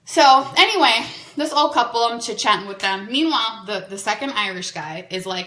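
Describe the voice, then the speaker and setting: A woman's voice: a little high, moderate pace. A woman hosting a podcast, telling a dating story in a chatty way, full of "like"s. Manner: chatty, animated, many "like"s. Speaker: podcast host. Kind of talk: casual storytelling. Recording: echoey room.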